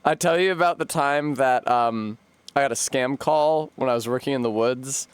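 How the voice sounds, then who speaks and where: A man's voice: medium pitch, moderate pace, clear, resonant tone, dry recording. A young man from the United States chatting on a live stream, rambling and wry, swearing and laughing often. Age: young adult. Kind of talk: casual live-stream chat.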